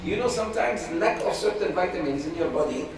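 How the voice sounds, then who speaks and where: A man's voice: high-pitched, expressive, fairly quick. Echoey, distant male religious teacher. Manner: conversational, acts out quoted voices in a story. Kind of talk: classroom teaching. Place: classroom. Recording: echoey room from far off, noisy.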